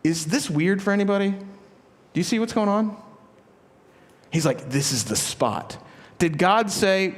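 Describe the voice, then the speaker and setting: A man's voice: high voice, moderate pace, pauses often. A man preaching a sermon as a pastor, chatty and joking, with asides and rhetorical questions. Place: large church sanctuary. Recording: long church reverb.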